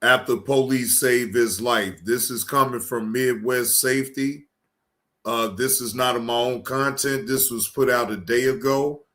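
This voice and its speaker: Slow-talking man with a bright voice. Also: medium pitch, steady tone, a little hiss or hum. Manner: blunt, dismissive, stammering fillers. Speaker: reaction streamer. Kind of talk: casual reaction commentary.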